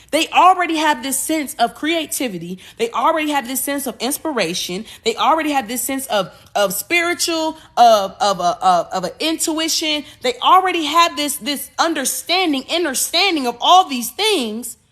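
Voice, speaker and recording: A woman podcast host, talking about spiritual energy in an animated way, repeating words and acting out voices. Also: high-pitched, normal speed, few pauses. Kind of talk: spiritual talk monologue.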